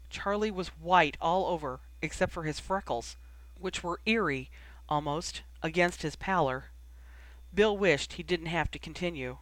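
Measured, expressive audiobook narrator. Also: mid-range voice, no echo. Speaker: audiobook reader. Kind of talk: fan fiction audiobook narration.

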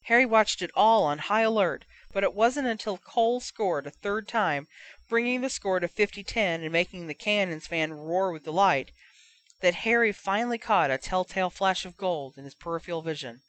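A woman narrating a fan fiction audiobook in a steady storytelling manner. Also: medium pitch, normal speed.

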